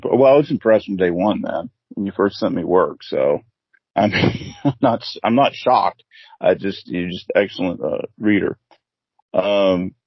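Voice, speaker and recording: A man's voice: lowish voice, slightly rough, no echo, muffled recording. A man hosting a casual interview podcast, rambling and swearing, peppering his talk with "man". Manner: rambling, profane, keeps saying "man". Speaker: podcast host.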